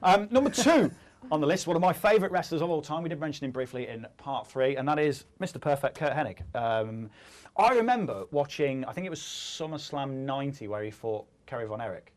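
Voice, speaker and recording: A man's voice: fairly high pitch, lively intonation, fairly quick. A man in his thirties hosting a casual studio chat, joking and rambling, often laughing at his own lines. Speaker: host.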